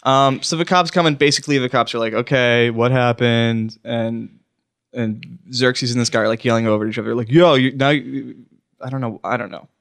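A man's voice: mid-range voice, quick pace, vocal fry, fairly bright tone, no room sound. A man co-hosting a podcast, telling a story in a rambling way and often breaking off to restart or laugh. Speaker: podcast co-host. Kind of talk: casual chat, storytelling.

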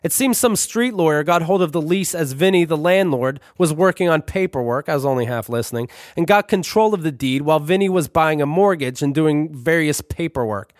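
A man's voice: on the high side, expressive, brisk, hardly any pauses, dry recording, clean studio sound. A man narrating his own memoir with wry, profane, conversational humor. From Brooklyn, New York.

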